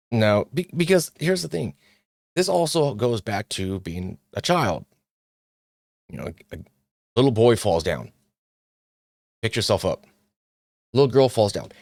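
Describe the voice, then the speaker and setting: Deep-voiced man with sarcastic asides. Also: no echo, clean studio sound. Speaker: podcast host. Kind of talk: reading a list and reacting.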